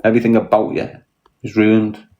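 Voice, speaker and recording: A man's voice: fairly low pitch, completely flat delivery, normal speed, mellow, highs cut off. Blunt, confrontational Scouse man. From Liverpool, England. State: mentally tired. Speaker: live streamer. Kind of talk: casual livestream rant. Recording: roomy echo.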